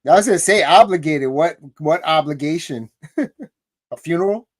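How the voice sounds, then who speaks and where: A co-host on a sports podcast live stream, laughing often and dropping quick one-liners. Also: medium pitch, animated, no room sound, studio quality. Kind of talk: casual live-stream chat.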